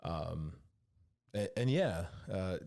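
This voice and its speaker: His voice is low and creaky, with words drawn out as he talks. A Californian Army veteran hosting a podcast, he rambles through profane, casual stories of his service alone, animatedly voicing the other people's dialogue.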